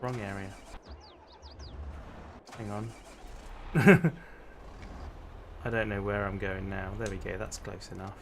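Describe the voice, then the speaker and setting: Man from Hampshire, unhurried speech, chatty livestream banter, steady game noise underneath. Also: on the low side. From Hampshire, England. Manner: chatty, laughs often, greets viewers. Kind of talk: casual gameplay chat. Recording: clear game noise behind.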